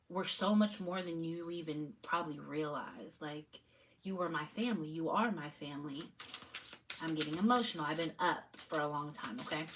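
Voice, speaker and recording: Woman, tarot reader, rambling spiritual live chat, bright tense tone, mic set back, faint hiss. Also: deep voice. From United States, Maryland area. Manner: rambling, spiritual, addresses viewers directly. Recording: distant mic with faint noise.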